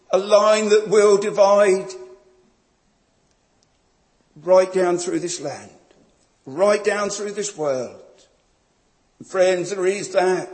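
A man's voice: high voice, darkish tone. A man preaching a sermon in a solemn, emphatic way, building each point through repeated phrases. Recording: long reverb of a large hall.

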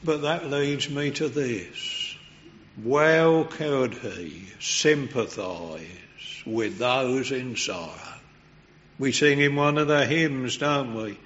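A man preaching a sermon in a slow, reverent and earnest way, his voice rising in fervour at times. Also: medium pitch, fairly bright tone, dull audio.

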